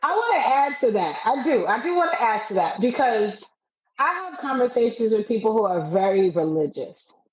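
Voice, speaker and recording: A woman's voice: fairly high pitch, normal speed, lo-fi sound, a crowd in the background. Preachy woman sharing a faith testimony. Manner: preachy, animated storyteller. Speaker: podcast guest. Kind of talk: faith testimony and casual chat.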